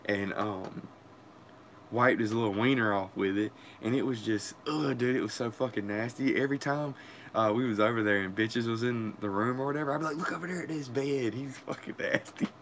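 A man's voice: fairly low pitch, a little fast, a bit bright, slight background noise. A young man, telling a crude, profane story in casual vlog chat and laughing often. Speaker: vlogger.

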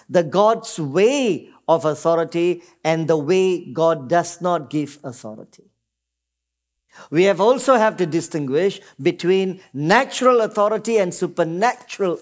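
Preaching to his congregation, a middle-aged Singaporean pastor speaks in a high-pitched voice. He repeatedly asks "Amen?" and drops into short quoted voices along the way.

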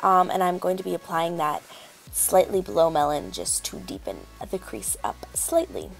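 A woman's voice: fairly low pitch, very animated, normal speed, gravelly, soft background music. A woman chatting casually as she narrates a makeup tutorial, rambling with lots of fillers. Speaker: beauty vlogger.

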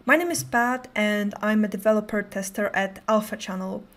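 A woman's voice: medium pitch, moderate pace, fairly bright tone. A young adult woman giving a prepared conference talk, speaking in a careful, controlled way with occasional stutters on sounds.

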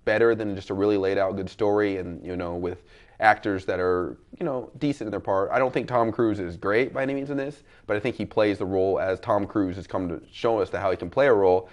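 Fast, excited male co-host in a casual review chat. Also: on the low side. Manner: quick, animated, enthusiastic opinions.

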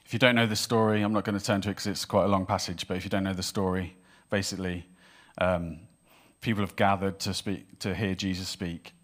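A man preaching a sermon in church, telling a Bible story in an animated way and acting out the voices of the people in it. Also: deep voice. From Wales. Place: church hall with congregation.

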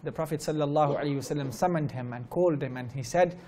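Giving an Islamic talk at a religious gathering, this man speaks quickly in a high-leaning, mellow voice over a faint hiss or hum. His delivery is earnest storytelling, with repeated key phrases and fluent Arabic recitation.

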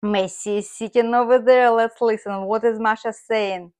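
A woman teaching Russian, explaining words slowly and carefully in English. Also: fairly high pitch, steady tone, a little mellow.

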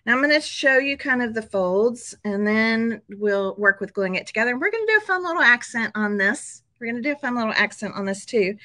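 A woman's voice: a little high, bright, forceful tone. A middle-aged woman hosting a casual craft tutorial at her table, chatty and upbeat, often checking in with her viewers. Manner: chatty and upbeat, frequent "okay?" check-ins and laughs.

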